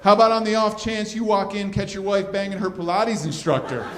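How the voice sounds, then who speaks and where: Wry fifties comic in a roomy club. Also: male voice, high voice, fairly even intonation, brisk, noisy background. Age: 50s. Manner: wry, self-deprecating, crude. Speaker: stand-up comedian. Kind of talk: stand-up comedy set. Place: comedy club stage with a laughing audience. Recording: live club recording, roomy with crowd laughter.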